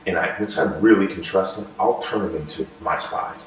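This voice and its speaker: A man, a former military interrogator, telling stories in a measured conversational way and slowing down when he reflects. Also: deep voice. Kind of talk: conversational storytelling. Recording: echoey room, voice far from mic.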